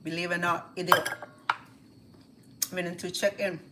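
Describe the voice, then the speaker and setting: Heavy background noise and the kitchen clatter of pots, pans and dishes surround a woman from Cambodia cooking at home for her casual vlog. Her fairly low voice is flat and at normal speed, with a Cambodian accent, and she rambles while often restarting what she says.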